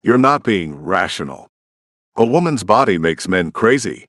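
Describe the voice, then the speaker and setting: A man's voice: on the low side, very animated, measured pace, a bit bright, no echo, clean studio sound. A man voicing a suspicious, paranoid male hacker who speaks in curt, dismissive, accusing remarks. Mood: cold.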